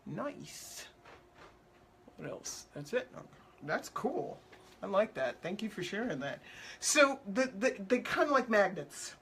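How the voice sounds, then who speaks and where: A woman's voice: medium pitch, sing-song, unhurried, a bit bright, a little hiss or hum. A woman hosting a show as an animal communicator, chatting casually and upbeat with viewers, answering their questions in loose, repetitive phrasing and acting out quotes playfully.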